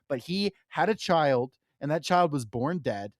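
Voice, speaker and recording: A man's voice: on the high side, lively intonation, a little fast, few pauses, dry recording. Young guy cohosting a book podcast, swears a lot, rambly, dry mic. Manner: loose, profane, many fillers. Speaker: podcast co-host. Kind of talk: casual book discussion.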